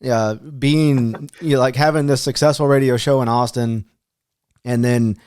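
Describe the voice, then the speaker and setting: A man's voice: mid-range voice, fairly even intonation, a little slow, a little mellow, clear, resonant tone, no echo. Laid-back co-host man, dry sound. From Texas. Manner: laid-back, slangy, laughs along. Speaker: podcast co-host. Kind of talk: casual interview chat.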